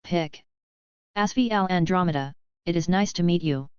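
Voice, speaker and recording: A woman's voice: fairly low pitch, moderate pace, darkish tone, clear, resonant tone, no echo, lo-fi sound, close to an everyday voice. A woman voicing a tired, composed young woman who speaks formally and politely.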